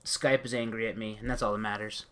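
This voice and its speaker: A man's voice: lowish voice, steady tone, fast, bright, forceful tone, clear, resonant tone. A man hosting a podcast, rambling through gaming news with lots of fillers and restarts over an internet call. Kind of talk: casual chat.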